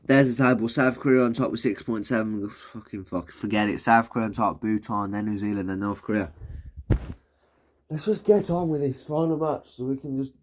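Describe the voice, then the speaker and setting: This man sits some distance from the mic as he narrates his own game, swearing and venting at his teammates. His voice is medium-pitched and darkish, delivered at a normal speed.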